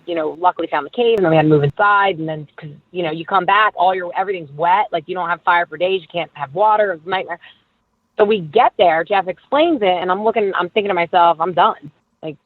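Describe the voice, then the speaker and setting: A woman guest in her thirties telling stories in a casual interview, animated and full of "like", acting out who said what. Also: on the low side, no room sound. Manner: animated storyteller, acts out quoted dialogue, lots of "like". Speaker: guest, former reality show contestant. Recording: dry, tinny phone-like line.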